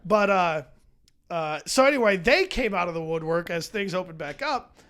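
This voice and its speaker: A man with a notably high speaking voice chats as a podcast guest, a stand-up comedian who rambles and swears freely. He mocks himself as he talks, with plenty of restarts. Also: lively intonation, moderate pace, a bit bright. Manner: rambling, profane, self-mocking. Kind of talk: casual chat. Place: podcast studio.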